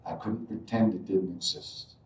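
A man's voice: low voice, slight background noise. Reflective man telling a story, distant and echoey. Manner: reflective, halting, many asides like "you know" and "right". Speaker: spiritual speaker telling a personal story. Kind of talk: live storytelling talk to an audience. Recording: roomy echo, distant mic.

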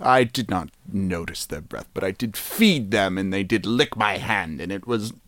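Male podcast host, playful and jokey, lively pitch, dry close sound. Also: moderate pace, no echo. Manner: playful, joking, laughs often. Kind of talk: casual chat.

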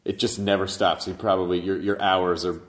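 A man hosting a podcast talks in a low voice that keeps jumping up with excitement. He stammers and restarts his sentences as the ideas tumble out. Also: brisk. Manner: enthusiastic, animated, stammering restarts. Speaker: podcast host. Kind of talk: casual interview chat.

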